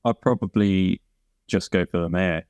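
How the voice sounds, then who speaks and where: A man's voice: low-pitched, normal speed, a little mellow, smooth, dry recording, highs cut off. A man as a podcast guest in casual chat, laid-back and matter-of-fact with dry humour. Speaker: podcast guest, band member.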